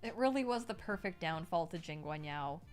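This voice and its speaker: A young woman streaming herself reading a novel aloud, breaking off to react excitedly, swear freely and thank donors. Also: on the low side, normal speed, faint music behind.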